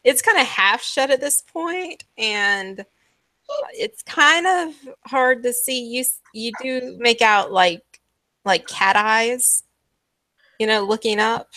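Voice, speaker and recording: A woman's voice: a little high, slow, pushed and bright, no room sound. A woman narrating a tabletop game as game master, descriptive and loose, with many "like"s. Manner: descriptive, full of "like" and chuckles.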